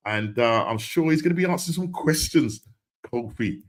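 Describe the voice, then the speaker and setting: A man's voice: mid-range voice, lively intonation, normal speed. A man hosting a casual football podcast live stream, upbeat and chatty, repeating phrases and often laughing. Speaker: podcast host.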